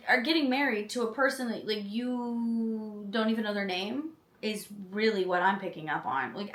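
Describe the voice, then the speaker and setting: A woman's voice: medium pitch, a bit bright. A woman hosting a channel, chatting casually and reading film synopses aloud, with self-deprecating, apologetic asides. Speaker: channel host. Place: indoor room, seated on a chair. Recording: roomy echo.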